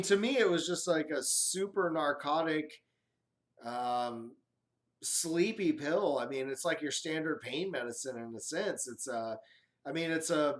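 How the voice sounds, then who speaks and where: Profane rambling man telling a story. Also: on the high side. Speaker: live stream host. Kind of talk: casual live chat storytelling. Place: home, live stream.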